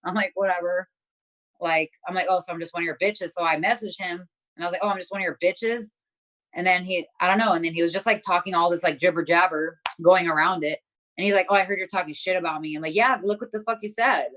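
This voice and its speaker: Young woman ranting, swears a lot, kinda low voice, like every other word. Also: fairly even intonation, quick pace, a bit bright. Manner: blunt, profane storytelling, heavy filler words. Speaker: interview guest. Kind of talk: casual chat.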